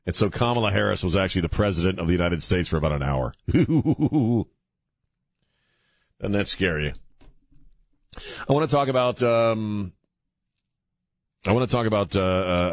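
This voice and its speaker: Low-voiced older male radio host. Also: no echo, studio quality. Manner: joking and self-mocking, halting with many fillers when reading stories. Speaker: radio talk show host. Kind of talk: casual talk radio banter and news commentary. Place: radio studio. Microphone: studio microphone.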